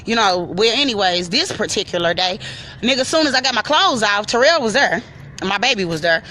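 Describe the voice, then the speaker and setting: A woman telling a personal story in a profane, animated way, talking straight to the listener. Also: medium pitch, a little fast, slight background noise.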